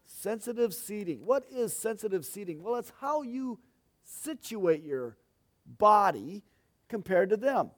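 A man's voice: high-pitched, very animated, unhurried. A man preaching a teaching sermon, folksy and chatty, with asides to the congregation. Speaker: pastor.

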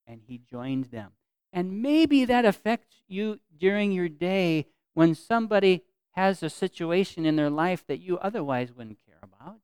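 A man preaching a sermon as pastor, earnest, repeating phrases for emphasis and swinging from loud to soft. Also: high-pitched, sing-song, measured pace, clear, resonant tone, dry recording.

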